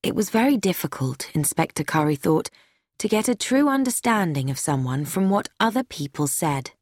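Expressive woman narrating an audiobook. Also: on the low side, dry recording, studio quality. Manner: measured storytelling. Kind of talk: scripted narration.

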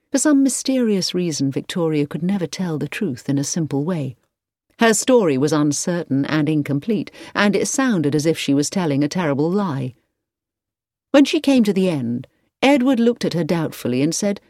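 A woman reading a novel aloud as narrator, with expressive storytelling. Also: sits low, moderate pace, no echo, studio quality. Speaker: audiobook narrator. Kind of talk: scripted narration.

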